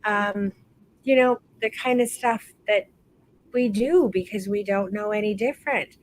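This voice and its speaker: A woman leads a live online photography class in an easygoing, encouraging tone. She speaks at a mid pitch and often drags words out slowly to stress a point. She keeps calling her students "baby.". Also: poor audio. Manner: warm encouraging, calls people baby. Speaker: photography course instructor.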